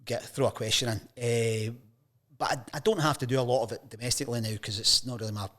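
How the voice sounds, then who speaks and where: Speaking fast in a medium-pitched voice, a fifty-something Scottish sports journalist entertains a chat show with casual stories. He animates his anecdotes by acting out the voices of the people he quotes.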